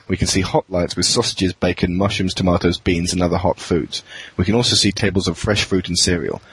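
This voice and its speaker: A man narrating scene directions in a plain, steady way. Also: sits low, slightly rough, no room sound, low-quality recording.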